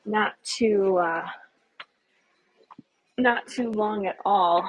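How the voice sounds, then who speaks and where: A woman's voice: mid-range voice, very slow, breathy edge, low-quality recording. A woman guiding viewers on a casual live walking tour outdoors in a small hillside village, chatty and enthusiastic, often asking her audience questions. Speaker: tour guide and travel vlogger.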